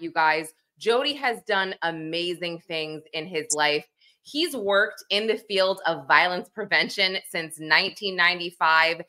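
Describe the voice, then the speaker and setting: A woman hosts a podcast interview, chatty and enthusiastic, with frequent fillers. Her voice sits a little low but has a bright, forward tone. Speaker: podcast host. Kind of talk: casual interview.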